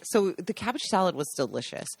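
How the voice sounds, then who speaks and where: Woman cohost chatting about a trip, bouncy lively voice, laughs a lot, dry close mic. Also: fairly low pitch, fairly quick, gravelly, breathy edge, no echo. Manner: animated, laughs often. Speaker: podcast co-host. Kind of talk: casual storytelling chat.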